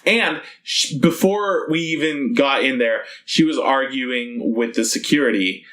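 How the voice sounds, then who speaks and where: A man's voice: medium pitch, measured pace, fairly bright tone. A man co-hosting a podcast, chatting casually with wry, laid-back remarks. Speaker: podcast co-host.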